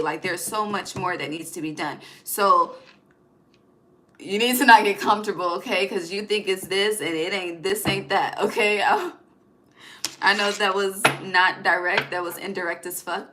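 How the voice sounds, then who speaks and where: Young woman reading tarot cards casually, loose and profane, with a bright, forward voice. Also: medium pitch, normal speed, slight background noise. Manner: chatty, profane, laughs often, sings snatches of songs. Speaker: tarot reader.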